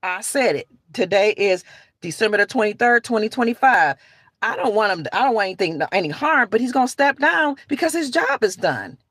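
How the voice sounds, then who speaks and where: A woman's voice: medium pitch, lively intonation, a little fast, a bit bright, dry recording. A woman talking to camera in an emphatic, rambling, preachy rant with frequent restarts. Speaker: online commentator.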